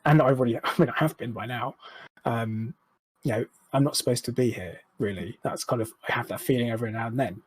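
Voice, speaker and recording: A man's voice: mid-range voice, quick pace, husky, no room sound, poor audio. A man, speaking frankly and reflectively as a podcast guest, swearing now and then. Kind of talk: candid interview chat.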